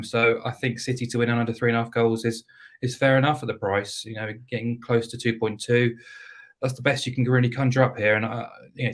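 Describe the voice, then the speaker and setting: A man giving betting analysis on a football podcast, measured and full of statistics, often restarting his sentences. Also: on the low side, a bit bright. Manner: measured, stats-heavy, with frequent restarts. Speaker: betting tipster.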